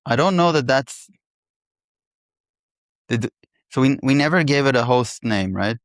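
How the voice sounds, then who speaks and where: A man in casual technical chat, pairing on code and thinking aloud with halting restarts. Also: mid-range voice, animated, dry recording, clean studio sound.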